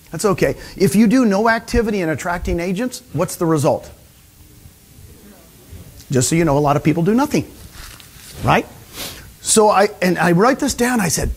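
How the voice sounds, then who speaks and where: A man giving an energetic motivational seminar talk to a live audience, often asking them questions. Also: high voice, breathy edge. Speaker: speaker at a real estate training session.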